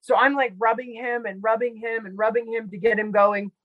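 A woman's voice: fairly high pitch, steady tone, a little fast, no echo, muffled recording. A woman guest telling a personal story in casual conversation, chatty and full of "like" and fillers. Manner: chatty, heavy use of "like" and fillers. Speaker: podcast guest; medical provider.

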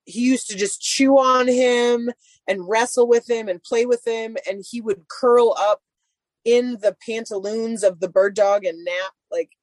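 A woman's voice: a little high, steady tone, measured pace, dry recording. A woman chatting casually and telling a long story about her dogs, full of "like" fillers. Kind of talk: casual chat.

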